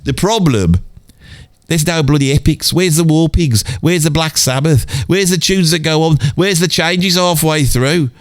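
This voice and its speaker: A man's voice: a little high, fairly bright tone, no echo, studio quality. A man playing a grumbling middle-aged Birmingham bloke with a Birmingham accent, rambling on and swearing mildly in a comedic monologue. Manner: rambling rant peppered with "bloody".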